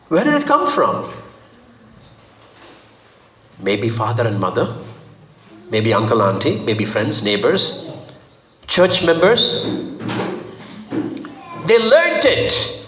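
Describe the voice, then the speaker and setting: A man preaching a sermon, playful and animated, acting out little voices. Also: slight background noise. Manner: animated, playful, acts out voices with sudden high and low swings. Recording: echoey hall.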